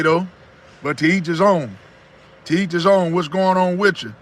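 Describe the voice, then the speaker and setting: A man's voice: sits high, moderate pace, pauses often, fairly bright tone. A man in his thirties giving folksy motivational talk on his own channel, repeating his points and greeting viewers by name. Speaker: YouTuber hosting a live stream.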